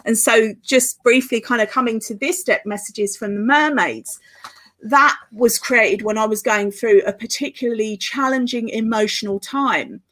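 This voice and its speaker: A woman's voice: a little high, fairly bright tone. Middle-aged woman telling a heartfelt story. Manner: flowing, earnest storytelling with quick laughs. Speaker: guest, author and festival organiser. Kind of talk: podcast interview storytelling.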